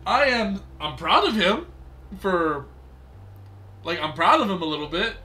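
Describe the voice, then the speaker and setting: Excitable, bright-voiced male streamer. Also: high-pitched, a little slow. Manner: excitable, laughs often, greets chat. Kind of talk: casual gameplay commentary.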